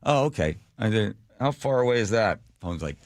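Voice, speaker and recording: A middle-aged man hosting a radio show, telling a story in a casual, animated, self-mocking way. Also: fairly low pitch, moderate pace, dry recording, studio quality. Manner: animated, self-mocking, laughs at his own stories. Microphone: studio microphone.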